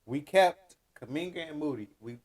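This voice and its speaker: A man's voice: a little high, expressive, moderate pace, slightly rough. A man co-hosting a podcast, talking sports in blunt, profane, opinionated rants and laughing often. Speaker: podcast co-host. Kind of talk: casual sports banter.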